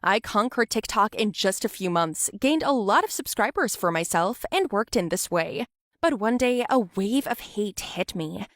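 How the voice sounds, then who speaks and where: A young woman giving scripted narration for an animated story. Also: mid-range voice, moderate pace, no echo, clean studio sound.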